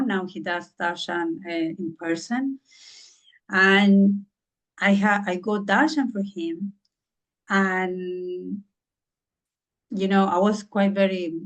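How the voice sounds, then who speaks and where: A woman who is a podcast guest, earnestly telling a personal story and often searching for words with frequent "you know.". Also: mid-range voice. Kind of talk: personal story in a conversational interview. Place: lives in southern England.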